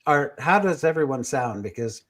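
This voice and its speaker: A man's voice: medium pitch, animated, normal speed, a bit bright. Male podcast host, casual chat, teasing, opinionated, plain voice.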